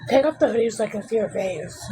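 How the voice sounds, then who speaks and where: A woman's voice: mid-range voice, animated, quick pace. A woman livestreaming casually from her phone, rambling and complaining in an exasperated way. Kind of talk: casual live-stream chat. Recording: noisy background hum.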